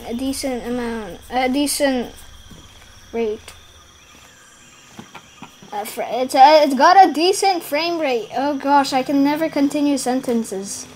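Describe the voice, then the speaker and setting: High pitched girl doing game commentary, laughs a lot, talks kinda slow, loses her sentences. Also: a little hiss or hum. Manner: giggly, rambling, trails off mid-sentence; bursts into excited shouting at the action. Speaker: gaming YouTuber. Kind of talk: casual gameplay commentary.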